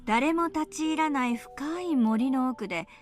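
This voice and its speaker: Brief: woman as anime-game teen girl, soft deliberate storyteller, bright high register, brisk delivery. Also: soft background music, natural voice. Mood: eerie teasing. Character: teen girl calmly spinning a murder tale. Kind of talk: Japanese game voice acting.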